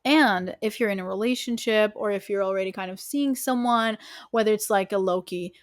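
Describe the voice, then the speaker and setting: A woman's voice: mid-range voice, a little fast, dry recording. Woman, podcast host, casual advice talk, frank and emphatic, curses freely, dry close sound. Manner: frank and emphatic, swears, many fillers.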